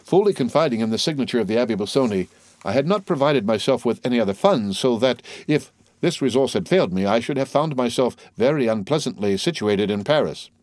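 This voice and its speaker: A man's voice: medium pitch, lively intonation, brisk, darkish tone, no echo, clean studio sound, pitched above the performer's own voice, lightly acted. A man reading the part of a timid, fawning old Italian ex-major in an audiobook, with a hesitant, eager manner. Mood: eager, anxious.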